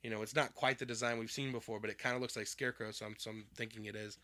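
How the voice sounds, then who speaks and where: A man's voice: fairly low pitch, steady tone, racing, sharp tone. A man co-hosting a casual podcast chat, rambling with many fillers and restarts and laughing often. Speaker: podcast co-host.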